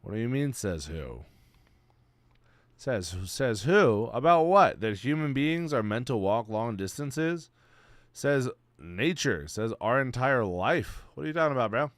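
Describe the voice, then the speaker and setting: A young man streaming, chatting casually in a rambling, slang-heavy, excitable way. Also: mid-range voice, a little slow, dry recording. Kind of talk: casual chat.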